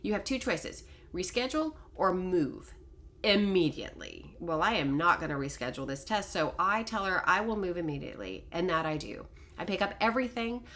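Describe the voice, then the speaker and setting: A middle-aged woman telling a personal story to camera in a casual, animated, self-deprecating way. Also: lowish voice, a little fast. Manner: animated, self-deprecating, quotes others in dialogue. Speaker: vlogger telling a life story.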